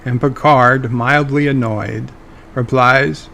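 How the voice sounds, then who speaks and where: A man's voice: mid-range voice, unhurried, vocal fry, a bit bright, a little hiss or hum. A man hosting a fan video, speculating casually and joking about his own weak impressions. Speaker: video host.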